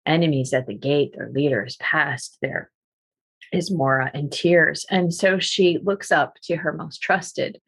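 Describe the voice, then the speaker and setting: A woman storyteller telling a folk tale in a lively, animated way, with asides to her listeners. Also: low voice, measured pace, vocal fry, husky. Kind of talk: oral storytelling performance.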